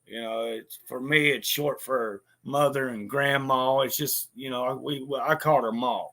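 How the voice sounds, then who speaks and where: A man's voice: mid-range voice, steady tone, moderate pace, a bit bright. A man telling a personal story in a bitter, profane way, with lots of stammered restarts. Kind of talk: casual spoken monologue.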